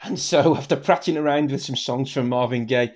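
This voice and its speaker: A man's voice: mid-range voice, brisk, loud music behind the voice. A British man narrating a hiking vlog outdoors on a countryside trail, chatty and jokey. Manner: chatty, jokey, self-mocking. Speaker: hiking vlogger.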